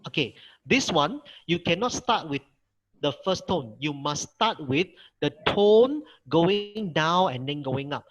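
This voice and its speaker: A middle-aged man with a Malaysian English accent teaches a Mandarin workshop online over a video call. His voice sits on the high side, animated and measured, and he is patient, repeating his points and modeling tones. The recording has its highs cut off and background noise.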